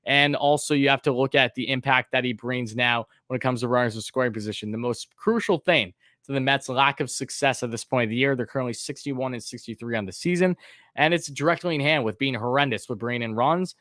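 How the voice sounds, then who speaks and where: A man hosts a live sports call-in stream, talking relaxed and fairly level at a medium pitch with a brisk pace and many ums and uhs, and even says his own voice sounds monotone. Casual between thoughts, he reads viewer comments and chat names aloud. The recording is dry and close, with no room sound.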